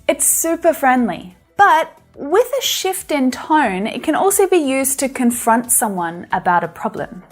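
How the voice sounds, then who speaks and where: A woman's voice: high voice, very animated, measured pace, hardly any pauses, soft background music. An Australian woman with an Australian accent, giving a friendly English lesson on YouTube and laughing now and then. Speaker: English teacher.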